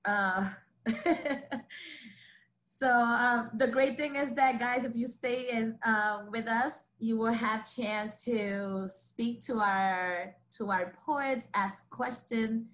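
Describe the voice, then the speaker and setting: Slow-speaking woman hosting an online event. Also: a little high, steady tone, fairly bright tone. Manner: enthusiastic, talking to the audience. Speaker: event host. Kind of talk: casual live event hosting. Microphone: video call.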